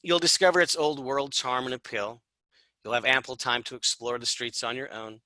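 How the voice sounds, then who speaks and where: Man, tour presenter, very bright tone, dry close sound, chatty and upbeat. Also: mid-range voice, steady tone, normal speed, no room sound, poor audio. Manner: chatty, upbeat, with fillers and asides. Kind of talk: informal travel presentation.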